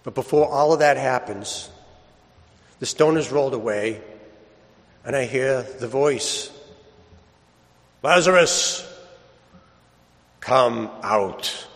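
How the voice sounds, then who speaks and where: A man's voice: mid-range voice, measured pace, pauses often. A man preaching a homily, telling the story vividly and acting out the scene. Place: church. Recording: long church reverb.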